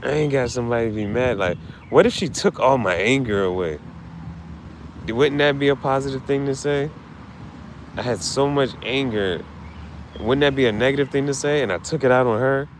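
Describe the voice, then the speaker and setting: A man's voice: medium pitch, moderate pace, a little hiss or hum. A man talking casually and emotionally, grieving, swearing and repeating himself in slang. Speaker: streamer.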